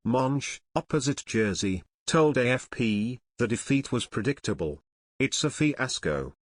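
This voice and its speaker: A man narrating a scripted news report, reading every quote in the same even delivery. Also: mid-range voice, no echo, studio quality.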